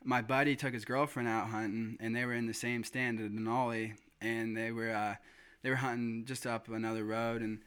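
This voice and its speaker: Excited man telling a hunting story. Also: mid-range voice, normal speed, clear, resonant tone. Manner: excited storytelling, swears and laughs. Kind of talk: casual chat.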